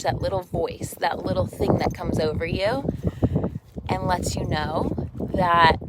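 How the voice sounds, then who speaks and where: A woman fitness instructor giving a reflective, encouraging talk during a workout class, building on repeated phrases. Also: lowish voice. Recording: loud background noise with clicks.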